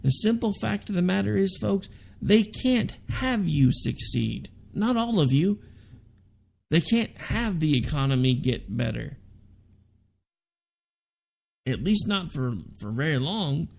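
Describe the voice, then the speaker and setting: A man's voice: a little high, animated, measured pace, gravelly, a little mellow, slight background noise. A man hosting a political talk radio show, delivering a sarcastic, ranting monologue.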